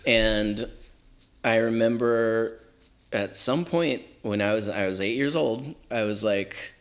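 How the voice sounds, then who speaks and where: Rambling low-voiced man telling stories. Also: takes it slowly, a bit bright. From Southern California. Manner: rambling, heavy use of "like" and "you know". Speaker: podcast guest. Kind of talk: casual storytelling.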